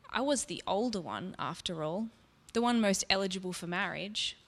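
Soft and reflective, a woman recounts her own story in a mid-range voice, as if letting the listener in on a confidence. Long reverb hangs over the recording.

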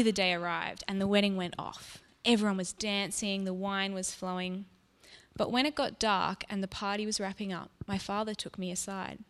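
A woman narrates in the first person, speaking softly and reflectively in a mid-range voice. Her words trail into a long reverb, as if recorded in a large hall. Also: medium pitch. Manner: soft, reflective, intimate. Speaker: storyteller. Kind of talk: first-person scripted storytelling.

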